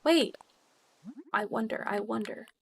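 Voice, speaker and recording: A young woman streamer chatting casually with her viewers while decorating in a game, bubbly and quick to swear. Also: fairly high pitch, creaky, a little hiss or hum. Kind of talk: casual live-stream chat while gaming.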